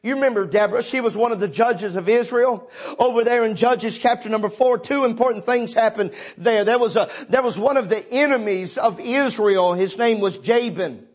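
A man pastor preaching a sermon, swelling loud and dropping low, calling on congregation members by name. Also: moderate pace, lo-fi sound.

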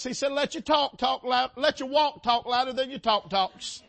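A preacher man with a strikingly high, ringing voice and a bright, forceful edge. He preaches with passion, swelling and dropping as he calls out to his congregation from the pulpit. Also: moderate pace, gravelly. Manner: impassioned, rising and falling, calls out to the congregation. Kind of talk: sermon. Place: church sanctuary.

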